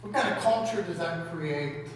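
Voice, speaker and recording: Higher-voiced man preaching in an echoey hall. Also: moderate pace. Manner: conversational preaching with rhetorical questions. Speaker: pastor. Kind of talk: sermon. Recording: echoey hall, mic at a distance.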